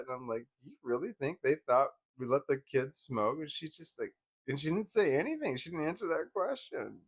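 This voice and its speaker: A man in his forties casually telling personal stories, wry and laughing at first, trailing off into bitter quiet. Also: fairly high pitch, sing-song, fairly quick, breathy edge. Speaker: vlogger.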